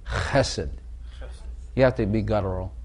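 A man's voice: fairly low pitch, a little slow, a little mellow, breathy edge. Conversational male preacher. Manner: conversational, repeats phrases, asks the listeners questions. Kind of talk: informal sermon.

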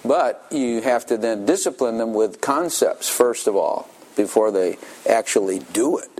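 A man's voice: mid-range voice, a little slow, darkish tone. An older man preaching a sermon in a folksy storytelling manner, chuckling often.

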